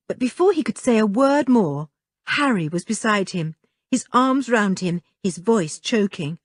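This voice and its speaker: Expressive woman reading a storybook. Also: mid-range voice, unhurried, no echo, clean studio sound. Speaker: audiobook narrator. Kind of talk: scripted narration.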